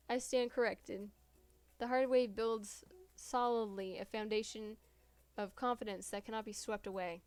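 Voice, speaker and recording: A woman's voice: fairly high pitch, fairly even intonation, moderate pace, smooth, dry recording. A woman streamer reading a dating-sim game's text aloud and breaking off into giggling asides.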